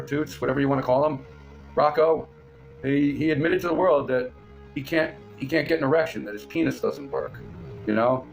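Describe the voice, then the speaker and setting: A man's voice: mid-range voice, gravelly, darkish tone. A middle-aged man telling a rambling, crude, mocking story in casual talk, full of fillers and restarts. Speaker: channel host.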